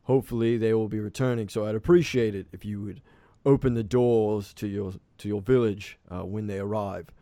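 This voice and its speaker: Formal, polite sea captain, mellow low voice, slightly fumbling, a man doing it. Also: fairly even intonation, a little fast, no echo, close to an everyday voice. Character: courteous male ship captain, formal.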